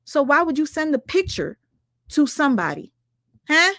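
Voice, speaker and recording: A woman ranting on her livestream, firing rhetorical questions at her viewers, swearing often and talking fast and emphatically. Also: high voice, big pitch swings, a bit bright, no echo, clean studio sound. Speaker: livestream commentator. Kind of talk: heated livestream rant.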